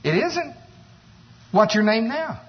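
A man's voice: high-pitched, sing-song, moderate pace, breathy edge, exaggerated voice. A man playing a skeptical old desert neighbor, asking in a raised, incredulous voice. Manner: incredulous, polite yet doubting. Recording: echoey hall, dull sound.

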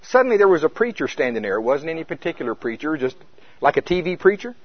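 A man preaching a sermon, telling a vision story with lively swings between loud and hushed delivery, on a dull, dry, lo-fi recording. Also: on the high side, fast talker, husky, no echo.

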